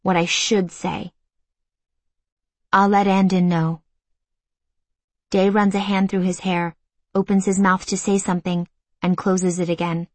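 A woman narrating a first-person audiobook in an intimate, emotional, measured way. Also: on the low side, flat delivery, darkish tone, dry recording.

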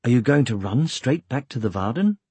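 A man voicing an earnest young male hero who speaks clearly and with emphasis. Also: medium pitch, expressive, moderate pace, mellow, no echo.

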